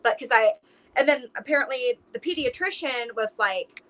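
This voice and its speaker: A woman's voice: on the high side, normal speed, a bit bright, slight background noise, rough recording. A young adult woman, a podcast guest, telling her story in casual chat with lots of fillers. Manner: talks emotionally with many "like"s.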